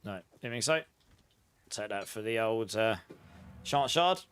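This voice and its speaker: A man's voice: on the low side, expressive, unhurried, a bit bright, clean tone. Chatty man streaming a game. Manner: chatty, rambling anecdotes with laughs. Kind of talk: casual chat while gaming, answering chat.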